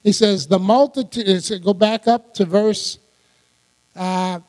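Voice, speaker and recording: A man preaching a sermon as pastor, animated and laughing often as he acts out quoted lines. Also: high voice, slow pace, clean tone. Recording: long hall reverb.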